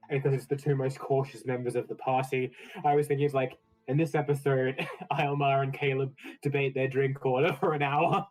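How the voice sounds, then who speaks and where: A man's voice: mid-range voice, flat delivery, normal speed, few pauses, darkish tone, faint music behind, poor audio. A man chatting out of character with his tabletop group over a voice call, joking and laughing often. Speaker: player. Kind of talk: casual out-of-character chat. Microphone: online voice call.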